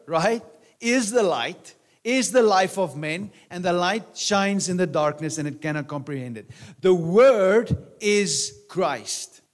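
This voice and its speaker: Male pastor with a lightly raised pitch, preaching in a chatty, questioning way that often turns to soft asides. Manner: conversational preaching, rhetorical questions, frequent "right?" and "amen?". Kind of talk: sermon.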